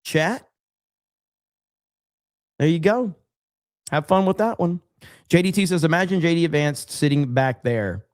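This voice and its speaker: A man's voice: fairly high pitch, a little slow, long pauses, no room sound, studio quality. A man hosting a livestream, casually reading viewer comments aloud in a loose, profane, rambling way full of fillers. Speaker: livestream host.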